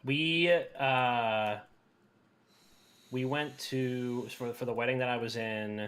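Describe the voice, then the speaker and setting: A man's voice: medium pitch, fairly even intonation, slow, fairly bright tone. A young man co-hosting a gaming podcast, chatting in a laid-back, profane, sympathetic way. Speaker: podcast co-host. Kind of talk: casual chat.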